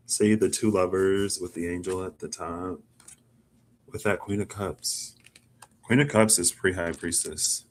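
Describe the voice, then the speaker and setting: Against slight background noise, a man with a low, steady voice reads tarot cards for himself at normal speed. His talk is musing and rambling, peppered with "like."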